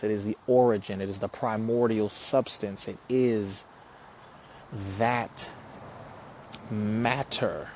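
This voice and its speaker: A man's voice: fairly low pitch, a little mellow, slight background noise. A man talking to viewers on a live stream, reading their comments and answering them, preachy and emphatic, repeating his points. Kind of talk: casual live stream talk.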